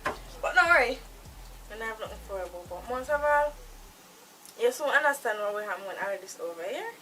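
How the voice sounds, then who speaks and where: An actress with a Jamaican accent playing an unstable woman who holds a man captive, swinging between hushed threats and shouting. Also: fairly high pitch, lively intonation, normal speed, a little hiss or hum, low-quality recording. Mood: brooding. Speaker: actor. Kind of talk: acted film drama.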